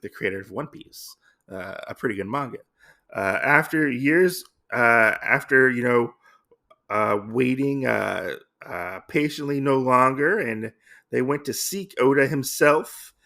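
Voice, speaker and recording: A podcast host recaps a comic story in a casual, rambling way, full of fillers and restarts, and reads the lines in loose voices. His voice sits at a medium pitch and sounds creaky and bright, with a forceful tone.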